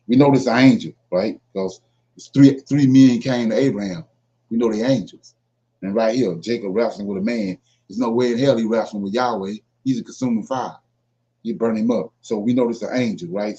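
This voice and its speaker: A man's voice: on the low side, warm tone. A man leading an informal Bible study. He reads verses aloud, then explains them with emphasis and keeps asking "right?". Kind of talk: informal scripture teaching. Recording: dull lo-fi recording.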